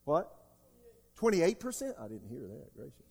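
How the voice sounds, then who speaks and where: A man in his sixties preaching a sermon as pastor, emphatic, jumping between loud outbursts and quiet asides. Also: on the high side, wildly swooping pitch, normal speed, creaky, husky. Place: church sanctuary. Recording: long hall reverb.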